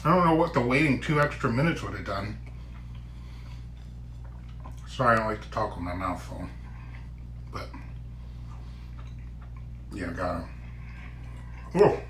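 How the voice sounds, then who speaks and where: A man casually tasting and reviewing a microwave meal on his own channel, chatty and given to loud exclamations. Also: fairly low pitch, measured pace, long pauses, echoey room, a little hiss or hum. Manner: chatty, exclaims loudly at hot bites. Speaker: food vlogger. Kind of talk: casual food review vlog.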